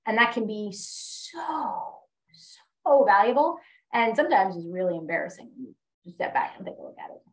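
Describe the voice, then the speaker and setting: A woman's voice: mid-range voice, animated, moderate pace, poor audio. Candid, self-deprecating woman. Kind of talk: casual conversation.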